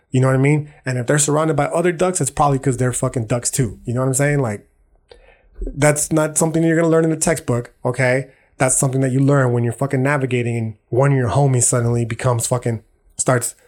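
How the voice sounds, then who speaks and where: A young adult man hosting a podcast, talking in a blunt, profane monologue full of street slang. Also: medium pitch. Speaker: podcast host. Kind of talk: casual monologue.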